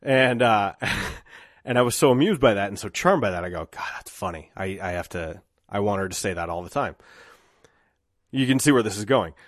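Male podcast host, 30s, lowish dry close voice, reflective rambling solo monologue. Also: expressive, fairly quick, no echo. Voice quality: dry mouth.

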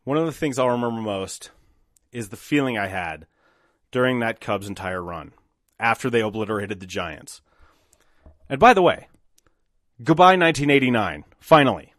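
Excited man on a solo podcast. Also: mid-range voice, normal speed, pauses often, no room sound, studio quality. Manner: excited, animated storytelling with emphatic outbursts. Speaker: podcast host.

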